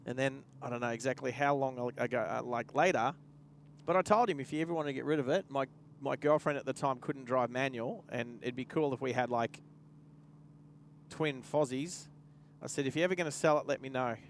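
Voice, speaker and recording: A man's voice: medium pitch, fairly quick, a little hiss or hum. A young Australian man casually telling a rambling anecdote while driving, chuckling to himself as he goes. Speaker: driving livestream host. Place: inside a car.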